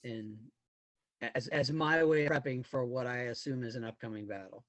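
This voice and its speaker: A man's voice: medium pitch, moderate pace, no echo. A man playing in a tabletop game over a video call, asking hesitant questions and restarting his sentences often. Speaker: player. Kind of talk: casual chat in a tabletop game.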